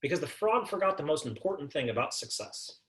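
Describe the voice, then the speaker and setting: A man's voice: fairly high pitch, very animated, brisk, a bit bright. Emphatic male motivational speaker. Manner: emphatic, repeats key phrases. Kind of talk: motivational talk.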